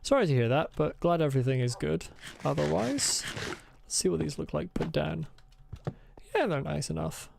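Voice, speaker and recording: A man's voice: a little high, animated, normal speed, creaky, background noise. A man streaming a video game, muttering his plans to himself, swearing freely and answering chat. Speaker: let's play streamer. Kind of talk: casual live gaming chat.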